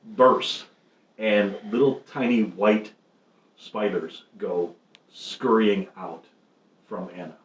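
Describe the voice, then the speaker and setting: Male game master, low and unhurried, hesitant narration, roomy lo-fi stream sound. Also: fairly even intonation. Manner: halting, many ums and restarts. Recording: roomy, muffled stream audio with faint noise.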